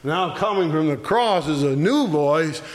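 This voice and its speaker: A man teaching an adult Bible class, who builds to loud, repeated exclamations and chuckles between points. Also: on the high side, expressive, measured pace.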